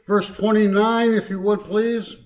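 A man's voice: high-pitched, flat delivery, measured pace, poor audio. An older man giving a short, informal devotion at a Bible study, folksy and chuckling, with many uh's and um's and stronger emphasis when he reads scripture. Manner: folksy, chuckling asides, frequent uh and um. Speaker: lay speaker at a Bible study.

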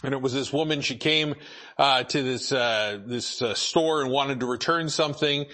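A man preaching a sermon as pastor, halting with many repeated words and filler sounds. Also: medium pitch, pushed and bright.

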